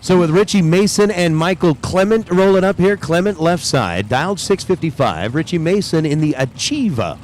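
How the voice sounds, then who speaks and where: A man's voice: fairly high pitch, expressive, normal speed, hardly any pauses, darkish tone, slight background noise. A man calling drag races live at the track, chatting and joking between runs. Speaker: drag race announcer. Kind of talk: live race commentary. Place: outdoors at a racetrack.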